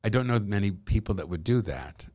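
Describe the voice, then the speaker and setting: A middle-aged man chatting as a podcast guest, telling lively stories and laughing as he talks. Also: fairly low pitch, fairly quick, breathy edge, no room sound. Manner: animated storyteller, laughs while talking. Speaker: guest, actor and comedian. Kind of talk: casual podcast chat.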